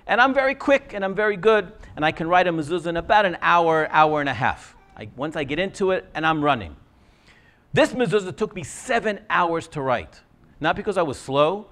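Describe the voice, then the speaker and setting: Lively, high-voiced man telling a story. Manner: animated, acts out quoted dialogue. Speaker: scribe giving a talk. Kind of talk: personal storytelling.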